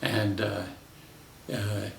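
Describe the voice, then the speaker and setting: An older man, a veteran character actor, telling lively anecdotes from his career in an interview and acting out the voices in his stories. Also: lowish voice, drawn-out words, gravelly, reverberant, recorded from a distance, slight background noise.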